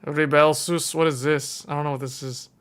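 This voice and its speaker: Chatty male tech streamer, fairly high voice. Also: steady tone, moderate pace, a bit bright, clear, resonant tone. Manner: thinking aloud, self-correcting, chuckling. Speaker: tech livestream host. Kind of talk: casual livestream commentary.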